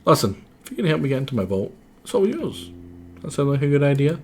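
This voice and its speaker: A man's voice: fairly high pitch, sing-song, quick pace, slight background noise, voice pushed up. A man voicing a pushy woman bank customer who tries to talk her way into things. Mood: wheedling.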